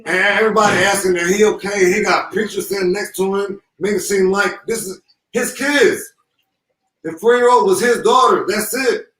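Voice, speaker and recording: A man's voice: high voice, a bit bright. Grieving man on an echoey far-off line. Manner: halting, repeats himself, impassioned. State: holding back tears. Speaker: grieving father, guest. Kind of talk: emotional live call-in.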